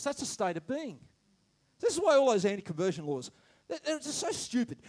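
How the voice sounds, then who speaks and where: Lively high-voiced male preacher. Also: a little fast. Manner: animated, swings between loud shouts and quiet asides, laughs often; restarts and stammers when excited. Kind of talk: sermon.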